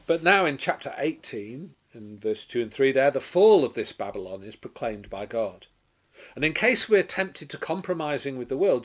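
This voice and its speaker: An English man, a clergyman, reading scripture dramatically and then preaching a short sermon, declaiming loudly and rising on exclamations. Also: on the low side. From England. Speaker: clergyman giving a short Bible reflection.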